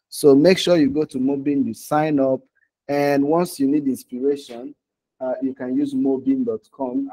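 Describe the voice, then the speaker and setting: Mellow-voiced man teaching design. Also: medium pitch. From Nigeria. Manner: casual, talks while clicking through screens, frequent "okay?" and "right?" check-ins. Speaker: design instructor. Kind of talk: live online design tutorial.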